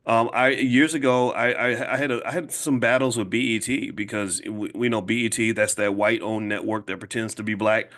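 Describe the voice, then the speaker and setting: A man in his fifties speaking to a live audience as a finance educator, emphatic and casual, repeating points slowly to drive them home. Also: fairly low pitch, fairly even intonation, fairly bright tone. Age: 50s. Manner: emphatic, slow and repetitive for emphasis; casual, conversational, direct address. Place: room with an audience.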